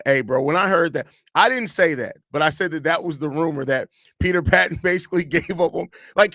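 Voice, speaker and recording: A man with a voice that sits high hosts a live podcast, animatedly teasing viewers as he reads their comments aloud and speaks directly to them. The studio-quality recording has no room sound.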